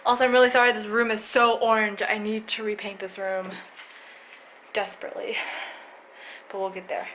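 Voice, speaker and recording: A woman's voice: medium pitch, level tone, moderate pace, pauses often, background noise. Rambling young woman vlogging at home. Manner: rambling, filler-heavy, drops to half-whispers. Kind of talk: casual vlog chat. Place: at home, bathroom then bedroom.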